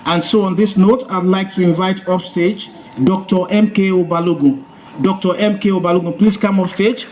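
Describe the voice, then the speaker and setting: Rousing emcee, high voice. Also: male voice, steady tone, moderate pace, darkish tone, a little hiss or hum. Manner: rousing, engages the audience. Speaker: master of ceremonies. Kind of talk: live event hosting. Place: event hall with live audience.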